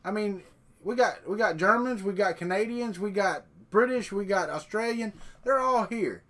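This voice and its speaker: A man's voice: high voice, normal speed, fairly bright tone. A man hosting a live stream, chatting casually in a folksy, rambling way. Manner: folksy, rambling, talks off the cuff.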